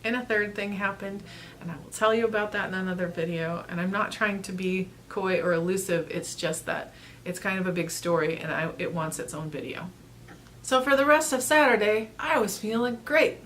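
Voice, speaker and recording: A woman in her thirties vlogging, telling a personal story in an earnest, rambling way with restarts and soft laughs. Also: on the low side, a little hiss or hum. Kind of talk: casual storytelling to camera.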